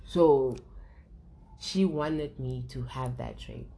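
A young woman with a notably low voice speaks in a casual, candid conversation. She talks openly and emotionally, swears freely, and often restarts her sentences mid-thought. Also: slow pace, creaky, dark tone, low-quality recording. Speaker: guest sharing her story.

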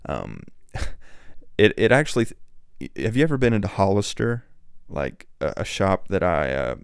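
A man's voice: low voice, very animated, a little slow, creaky, clean tone, dry recording, clean studio sound. A young man casually reviewing and ranking movies, chatty and rambling, often going off on tangents.

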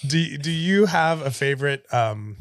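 A man's voice: on the high side, lively intonation, a little slow, no echo. A man hosting a podcast in a casual chat, asking a young guest friendly questions. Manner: friendly, asks a child questions. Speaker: podcast host.

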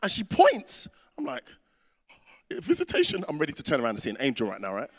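A man's voice: mid-range voice, wildly swooping pitch, rapid-fire. A man in his thirties preaching a sermon, telling a personal story and acting out the voices in it. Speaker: pastor. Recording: reverberant hall.

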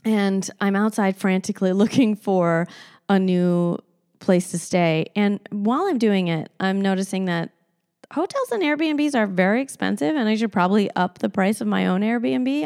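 A woman hosting a podcast alone, telling a story in casual chat, animated and blunt, laughing often and swearing freely. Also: mid-range voice, moderate pace, clean tone. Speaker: podcast host.

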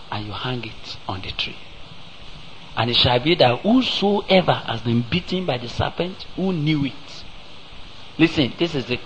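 A medium-pitched man with a Nigerian English accent gives a slow, emphatic sermon, asking his congregation rhetorical questions and breaking into sudden loud rises. The recording is low quality with a bit of hiss or hum.

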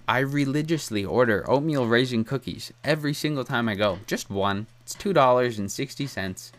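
A man's voice: mid-range voice, a bit bright. A young man hosting a solo podcast, talking in a rambling, candid way and laughing often. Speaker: podcast host. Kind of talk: casual solo podcast chat.

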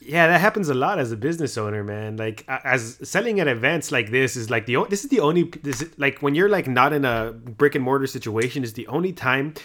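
A man's voice: medium pitch, expressive, a little fast, hardly any pauses, a bit bright. A man who runs a small business selling at events, talking easily in a casual chat and joining in with agreement and jokes. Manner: laid-back, chiming in with agreement and jokes.

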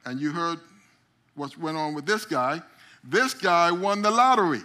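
A middle-aged man with a voice on the high side speaks unhurriedly as he teaches a group a memory drawing lesson. He's an animated storyteller, acting out little stories and doing the voices as he goes.

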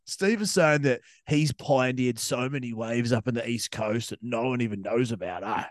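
A man's voice: mid-range voice, moderate pace, no room sound, studio quality. A young adult man with a New Zealand accent, co-hosting a podcast, chatting casually with crude teasing and frequent laughter. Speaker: podcast co-host. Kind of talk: casual banter.

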